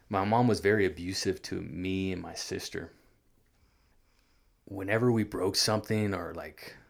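A man from California, earnestly recounting his own hard childhood as an interview guest, halting and restarting often. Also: sits low, vocal fry. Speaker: guest sharing his life story. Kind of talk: personal storytelling in an interview.

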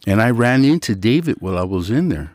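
A man telling stories from his life in a casual interview, animated and acting out the voices of others. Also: fast, no echo, clean studio sound. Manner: animated storyteller, jumps high to act out quoted voices; Christian, speaks of his faith. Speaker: guest.

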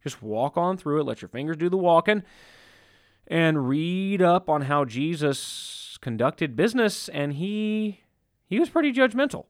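A man's voice: on the high side, unhurried, no echo, clean studio sound. A man preaching an informal sermon, talking conversationally, acting out little scenes and repeating himself as he goes. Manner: conversational, animated, acts out quotes, frequent restarts.

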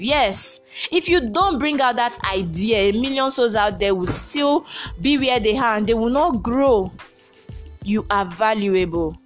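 A young Nigerian woman hosting a Christian podcast, talking emphatically and preaching at times. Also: on the high side. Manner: emphatic, preachy, shouting at times with bursts of laughter. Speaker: podcast host. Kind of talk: motivational Christian podcast talk.

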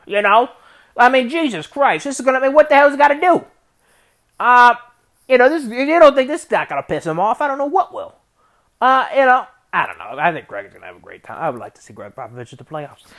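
A man's voice: very high-pitched, a bit bright. A man, a Detroit-area sports fan, rambling through a casual sports rant full of restarts and swearing, growing exasperated. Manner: rambling, frequent restarts and profanity, rising to exasperated. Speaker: sports podcaster.

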